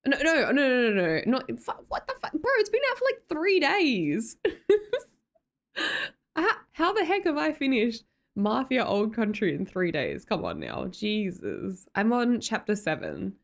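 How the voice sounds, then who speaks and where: A woman's voice: on the high side, wildly swooping pitch, measured pace, creaky. A young Australian woman hosting a livestream, chatting casually with viewers and reading their comments, giggly and full of fillers and self-corrections. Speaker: livestream host.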